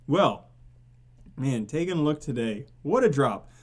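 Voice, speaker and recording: A man hosting a casual live stream, theatrical and excitable, swearing and greeting viewers in the chat by name. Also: a little high, measured pace. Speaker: crypto live stream host.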